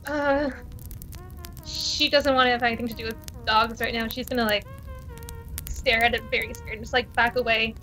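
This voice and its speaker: A woman's voice: a little high, steady tone, normal speed, pauses often, sharp tone, rough recording. A woman playing a tabletop game, describing her character casually with frequent fillers. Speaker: player.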